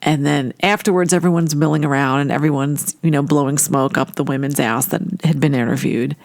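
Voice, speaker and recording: Low-voiced woman telling a story, gravelly. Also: a little fast, dry recording. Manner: animated storyteller who acts out quoted voices. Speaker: storyteller recounting a personal memory. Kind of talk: casual spoken storytelling.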